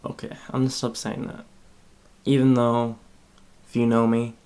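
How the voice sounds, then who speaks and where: A man hosting a podcast live stream, chatting casually and thinking aloud in a halting way while he browses. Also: medium pitch, completely flat delivery, darkish tone, smooth. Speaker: podcast host.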